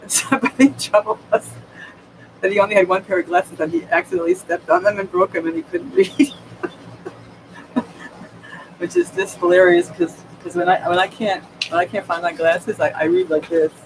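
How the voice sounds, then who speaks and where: A man's voice: sits high, lively intonation, moderate pace, gravelly, a little hiss or hum, low-quality recording. A man from New York State, talking to his camera at home in a rambling, digressive way, with many restarts and frequent laughs. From New York State, USA. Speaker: vlogger. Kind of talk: casual rambling monologue. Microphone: camera microphone. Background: music playing.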